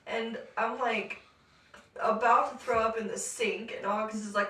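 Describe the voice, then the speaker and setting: A young woman co-hosting a podcast, telling a story in a casual, animated way, laughing often and acting out what people said. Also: on the high side, a little slow, recorded from a distance. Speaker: podcast co-host. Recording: echoey room, voice off-mic.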